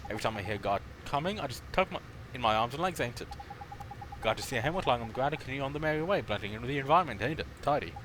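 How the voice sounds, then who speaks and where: A man's voice: mid-range voice, expressive, rapid-fire, background noise, close to an everyday voice. A man reading a mouthy fairy sidekick. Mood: playful. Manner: reading game dialogue in a slightly raised, playful voice.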